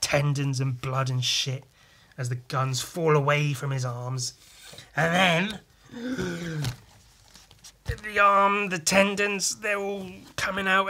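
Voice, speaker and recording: A man hosting a podcast, chatting casually and excitably, with lots of swearing and homemade sound effects. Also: a little high. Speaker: podcast host and comic artist. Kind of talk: casual chat walking through comic pages.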